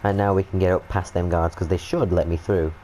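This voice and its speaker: Excitable British man narrating gameplay. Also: deep voice, brisk, slight background noise, rough recording. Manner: excitable, sweary, jokey. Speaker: gaming video host. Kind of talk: let's-play commentary.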